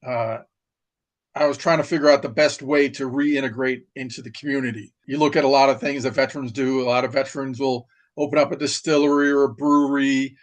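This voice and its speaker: A middle-aged retired Marine from New York, telling stories in casual chat with plenty of fillers and restarts. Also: male voice, mid-range voice, steady tone, brisk. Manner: rambling, many restarts and fillers. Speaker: podcast guest, retired Marine. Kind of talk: casual storytelling.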